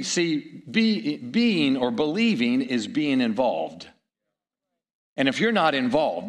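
A middle-aged man preaching a sermon, telling stories with chuckles and asides to the audience. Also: medium pitch.

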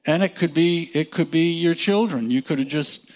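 A man teaching from the Bible in a relaxed, conversational way, chuckling and restarting his sentences. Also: on the high side, moderate pace. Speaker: preacher.

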